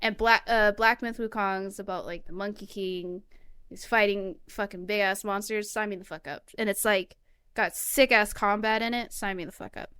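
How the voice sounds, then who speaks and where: A woman's voice: mid-range voice, steady tone, moderate pace, pushed and bright, smooth, no room sound, studio quality. A woman co-hosting a casual gaming podcast, ranting with heavy profanity. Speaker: podcast co-host. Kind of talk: casual chat.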